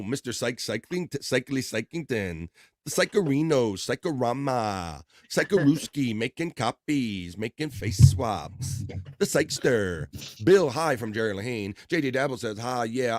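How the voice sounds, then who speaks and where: A man's voice: mid-range voice, no echo. Upbeat man reading live chat. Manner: upbeat, playful, riffs on viewers' names. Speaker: livestream host.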